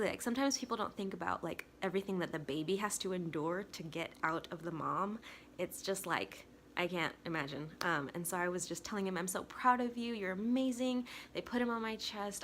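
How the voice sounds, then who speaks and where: Excitable chatty young woman. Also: lowish voice, a little hiss or hum. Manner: excitable, chatty, talks with 'like' often. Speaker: vlogger. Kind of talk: casual personal storytelling.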